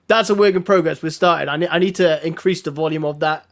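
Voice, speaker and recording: A man chatting casually as a podcast guest, hoarse from a throat infection, talking in a friendly, rambling way with frequent laughs. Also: on the high side, fast, fairly bright tone. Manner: chatty, laughs often, restarts. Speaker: guest streamer.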